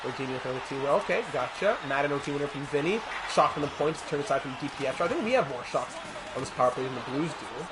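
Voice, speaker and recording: Fast-talking and expressive, a man with a slightly high voice streams a hockey video game amid background noise. He calls the action like a sportscaster and adds asides to chat between plays.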